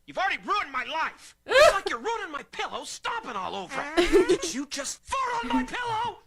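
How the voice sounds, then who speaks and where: A woman's voice: extremely high pitch, sing-song, moderate pace, a loud crowd, exaggerated voice. A woman voicing a grumpy, jealous female cat who is sarcastic and whiny in a comic pet video.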